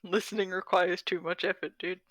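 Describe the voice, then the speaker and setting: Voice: medium pitch, little pitch movement, fairly quick, a bit bright, no room sound. A podcast co-host in casual chat, dropping short, dry quips.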